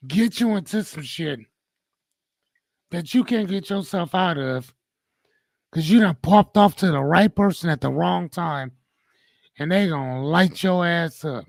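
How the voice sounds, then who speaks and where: Animated man hosting a joking live chat. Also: fairly high pitch, a little slow, gravelly, long pauses, dry recording. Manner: animated, joking, slangy, reads viewer comments. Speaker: host and coach. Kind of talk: live stream chat reading comments.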